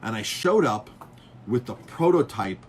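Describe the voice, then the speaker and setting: A man's voice: mid-range voice, a little slow, slight background noise. A man, a chef and restaurant owner, chatting casually and telling rambling stories, full of fillers and restarts. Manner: animated storyteller who acts out others' lines. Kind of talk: casual chat telling stories about beer.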